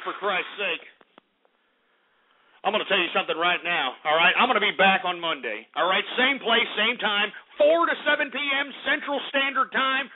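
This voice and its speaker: Boisterous man, talk radio host, very high voice, thin phone-like sound. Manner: loud, boisterous and indignant, swearing often. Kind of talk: ranting talk radio sign-off. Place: Austin, Texas.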